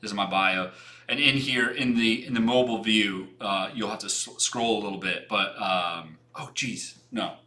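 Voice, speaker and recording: A man's voice: fairly low pitch, moderate pace, sharp tone. A young man hosting a design livestream, giving frank, rambling portfolio feedback with many restarts and some casual swearing.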